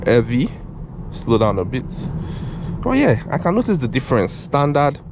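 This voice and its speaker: A young man giving casual, excitable driving commentary from inside a moving car, repeating himself and calling out "bro", recorded on a GoPro camera. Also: medium pitch, normal speed, gravelly. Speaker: car reviewer. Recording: road and engine noise in car.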